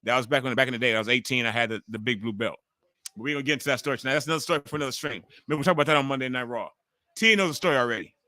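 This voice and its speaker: This middle-aged man runs a live watch-along stream, chatting loosely and profanely as he addresses his viewers directly. His mid-range voice comes out rapid-fire with a sharp edge, and the recording is dry.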